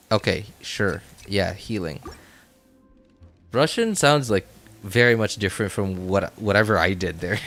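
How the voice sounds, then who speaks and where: A low-voiced male gamer chatting loosely through gameplay, in no hurry and often circling back to correct himself. He laughs easily between thoughts, with soft game music playing underneath. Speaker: gaming streamer. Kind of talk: casual gameplay commentary.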